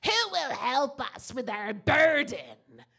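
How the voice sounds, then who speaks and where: A woman putting on a booming, slow, menacing little old man. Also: very animated, gravelly, heavily acted. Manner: drawn-out, loud, menacing.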